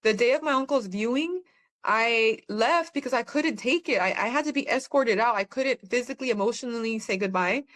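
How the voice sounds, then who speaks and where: A woman with a slightly high, brisk, somewhat bright voice appears as a podcast guest. In conversation she shares her personal testimony, rambling earnestly and using many fillers.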